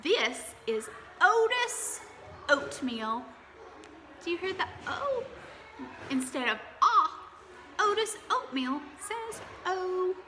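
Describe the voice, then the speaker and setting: A woman's voice: very high voice, sing-song, slow pace, pauses often, pushed and bright, big-room sound, slight background noise. A woman teaching young children phonics, drawing out vowel sounds in a sing-song, coaxing way. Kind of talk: early-years phonics lesson.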